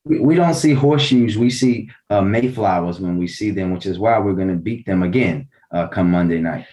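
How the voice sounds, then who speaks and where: A man's voice: sits low, normal speed, dark tone. A man answering interview questions with proud, combative, playful trash talk about his city. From Baltimore. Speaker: big-city mayor, interviewee. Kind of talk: boastful interview banter.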